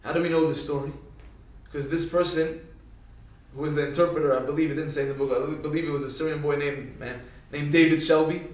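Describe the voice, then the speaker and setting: Male Torah teacher with a high voice, lively storyteller, far from the mic in a very reverberant room. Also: fast. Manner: animated, swings into sudden emphatic rises.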